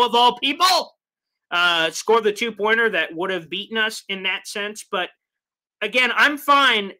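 Bright, high-voiced man ranting about football. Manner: animated, rambling, mock voices for quoted people. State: strained voice from yelling. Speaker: sports fan show host. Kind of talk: live sports recap reading viewer comments.

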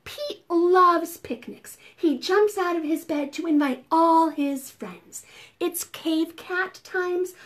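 Taking it slowly in a very high-pitched voice, a woman librarian leads a preschool storytime. She reads aloud and chants rhymes in a lively, sing-song manner.

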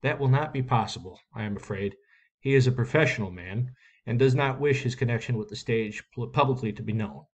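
A man reading aloud, voicing a polite young male stage actor who speaks in a formal, courteous and measured way. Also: medium pitch, close to an everyday voice.

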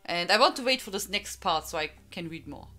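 A woman's voice: lowish voice, animated, a little fast, bright, forceful tone. A woman from Germany with a strong German accent, chatting casually on a live stream, greeting viewers by name and laughing often.

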